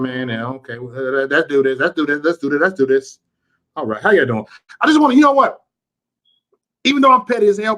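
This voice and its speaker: A man's voice: on the high side, a bit bright. A man hosting a casual livestream, talking in loose street slang and greeting viewers in the chat by name. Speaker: livestream host.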